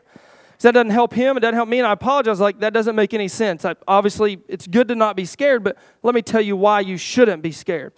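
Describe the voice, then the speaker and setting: A man's voice: fairly quick, no room sound. A man preaching a folksy sermon who often asks the church "Is that right?" and stumbles over repeated words. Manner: rises louder and higher toward the close.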